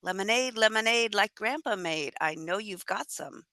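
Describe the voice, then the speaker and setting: A woman voicing a cursed male wolf who pleads softly for help. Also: medium pitch, animated, moderate pace, dry recording. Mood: pleading. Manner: soft, pleading.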